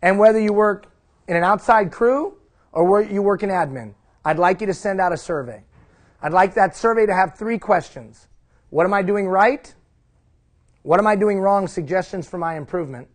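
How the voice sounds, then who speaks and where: A man's voice: sits high, normal speed. A middle-aged man giving a live leadership seminar, emphatic, repeating key phrases and putting questions to the audience. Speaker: leadership trainer.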